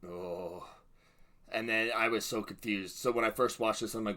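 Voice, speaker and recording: Excitable man with a forceful voice. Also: on the low side, moderate pace. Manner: excitable, bursts into loud exclamations. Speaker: reaction channel host. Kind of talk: reaction and review commentary.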